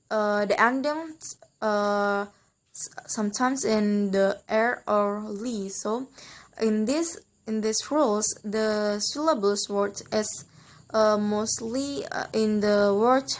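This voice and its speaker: A woman's voice: mid-range voice, slight background noise. A young woman, a student explaining English word stress rules, hesitant, with many fillers and restarts, repeating example words. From Indonesia. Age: young adult. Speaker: student presenter.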